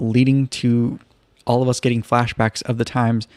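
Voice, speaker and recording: Recorded dry at studio quality, a man with a mid-range voice talks a little slowly while hosting a casual reality show recap livestream. He tells it in a relaxed, chatty, loose way, leaning on "kind of" and "like," with wry asides.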